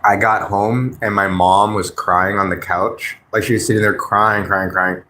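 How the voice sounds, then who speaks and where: A man's voice: on the low side, little pitch movement, measured pace, pushed and bright, a little hiss or hum. Laid-back, blunt male livestream host. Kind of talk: casual livestream chat answering viewers. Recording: roomy echo.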